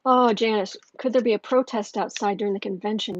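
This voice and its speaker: Woman host, mid-pitch, livestream tarot reader, heated and rambling, dull lo-fi audio. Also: steady tone, fairly quick, very noisy. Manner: heated, ranting, frequent restarts. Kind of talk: livestream tarot reading with chat.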